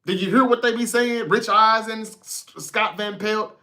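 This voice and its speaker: A man hosting a casual sports talk livestream, reading viewer comments and talking straight to the chat with a profane, animated manner. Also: sits high, moderate pace. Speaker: sports talk show host.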